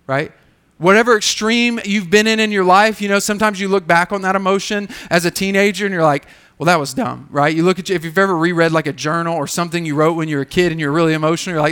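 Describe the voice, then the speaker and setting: A man with a fairly high, smooth and resonant voice preaching a sermon. He talks to the congregation like a friend, animated and conversational, throwing out one rhetorical question after another. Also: brisk. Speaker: pastor.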